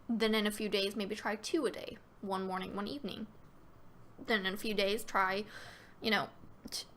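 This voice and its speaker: A woman's voice: mid-range voice, bright, forceful tone. A woman hosting a casual live-stream Q&A, talking loosely with many fillers and restarts and reading viewer questions aloud.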